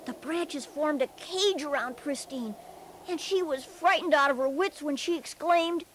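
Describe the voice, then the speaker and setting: A high-voiced bear storyteller. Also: male voice, a little slow, a little hiss or hum. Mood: earnest. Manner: gentle, earnest. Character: cheerful young male bear storyteller. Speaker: narrator. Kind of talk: children's storybook narration.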